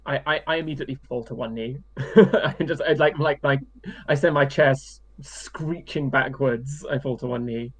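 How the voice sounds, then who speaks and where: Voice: mid-range voice, normal speed. A player in a tabletop role-play, giggly and hesitant, often laughing.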